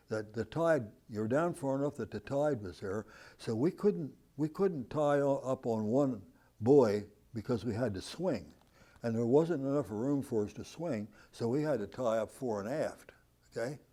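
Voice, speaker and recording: A man in his nineties from the United States, telling war stories in an interview as an animated storyteller who chuckles at his own tale. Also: mid-range voice. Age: 90s. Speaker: veteran interviewee. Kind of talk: recounting war memories in an interview.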